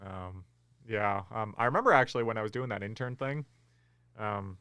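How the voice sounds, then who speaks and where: A man co-hosting a podcast in casual chat, relaxed and rambling with frequent ums. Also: on the low side, normal speed, clean tone, no echo. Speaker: podcast co-host.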